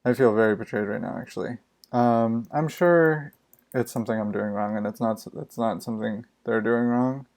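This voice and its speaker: A man's voice: medium pitch, moderate pace, a little mellow. A man live-streaming himself programming, muttering his thoughts aloud in a casual, exasperated way and swearing freely.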